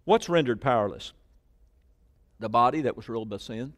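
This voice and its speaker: A man preaching a sermon to a congregation, calling out lines for them to repeat, moving between loud emphatic bursts and quiet asides. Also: mid-range voice, expressive, moderate pace, pauses often. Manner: call-and-response preaching, prompting the congregation to repeat. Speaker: pastor. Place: church sanctuary with congregation.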